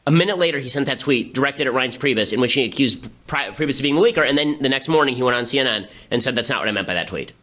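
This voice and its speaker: A man hosting a political commentary show, talking fast with sarcastic, incredulous asides. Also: mid-range voice, sharp tone. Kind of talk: rapid political commentary monologue.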